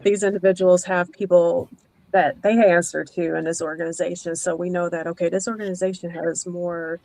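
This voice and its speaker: A woman in a book club discussion, thinking out loud and building her points slowly with lots of "like". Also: fairly low pitch, level tone, gravelly, rough recording. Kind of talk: casual podcast discussion. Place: remote video call.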